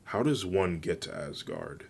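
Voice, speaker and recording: A man voicing a determined, protective young female shadow wolf in an earnest, flat reading. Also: deep voice, a little slow, vocal fry, husky, exaggerated voice.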